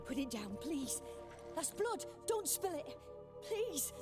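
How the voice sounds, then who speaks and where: A frightened young ghost girl in a horror game pleads in a very high, slow voice with a faint accent, her pitch swinging widely. Game music sits behind her. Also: big pitch swings, exaggerated voice. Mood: pleading.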